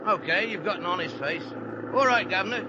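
An actor playing a chatty, wisecracking cab driver with a London Cockney accent, in 1940s radio acting. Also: male voice, sits high, animated, brisk. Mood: breezy. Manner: breezy slangy banter. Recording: muffled old radio recording with engine noise.

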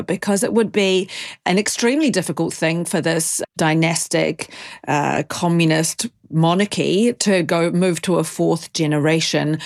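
A woman journalist answering interview questions in fluent detail, with frequent fillers. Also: low voice. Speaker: journalist guest.

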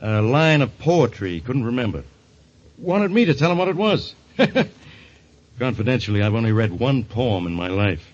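An actor playing a blunt, wisecracking police inspector with a husky voice and gruff, folksy slang, 1940s radio acting style. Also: male voice, medium pitch, big pitch swings, normal speed. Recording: dull lo-fi old radio recording.

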